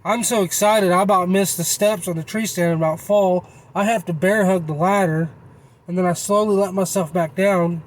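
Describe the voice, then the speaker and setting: Excited man telling a hunting tale. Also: high-pitched, moderate pace, rough recording. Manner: excited, rambling, folksy. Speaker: channel host. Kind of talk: casual storytelling.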